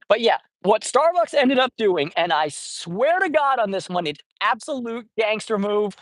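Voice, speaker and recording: A man's voice: high-pitched, sing-song, slow pace, a bit bright, no room sound. A young man hosting a casual livestream outdoors, playful and joking as he greets viewers. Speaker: livestream host feeding stray cats. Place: outdoors at a cat colony.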